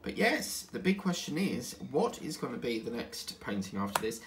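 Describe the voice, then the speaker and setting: A diamond painting channel host, tired and yawning, chats casually at home while he crafts, drifting between topics and humming to himself. His medium-pitched voice swings widely in pitch at a moderate pace, with background noise present.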